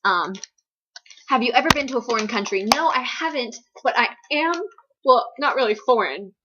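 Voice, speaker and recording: A woman's voice: fairly high pitch, expressive, normal speed, lo-fi sound, background noise. A young woman from the US East Coast answering viewer questions in a casual Q&A vlog, rambling with lots of fillers and self-deprecating asides. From East Coast United States. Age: young adult.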